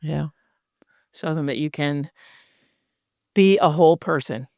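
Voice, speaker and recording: A woman's voice: low voice, unhurried, a little mellow, no echo, studio quality. Middle-aged woman hosting a podcast. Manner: reflective, affirming, sums up the guest. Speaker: podcast host. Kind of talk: casual podcast chat.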